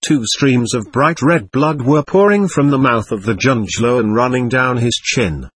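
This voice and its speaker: Husky male audiobook narrator. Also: mid-range voice, lively intonation, a little slow, hardly any pauses. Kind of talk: scripted first-person narration.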